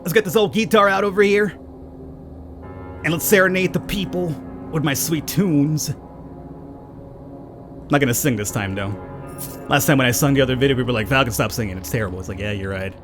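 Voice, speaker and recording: Chatty low-voiced man narrating gameplay. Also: normal speed, pauses often, over music. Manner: chatty, rambling, talks to the game characters. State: panicked, high and urgent. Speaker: let's play gamer. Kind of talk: casual gameplay commentary.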